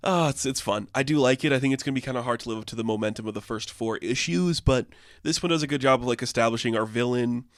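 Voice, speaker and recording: A man's voice: mid-range voice, fast, hardly any pauses, no echo, studio quality. A young man casually reviewing a comic book, rambling and peppering his talk with filler words.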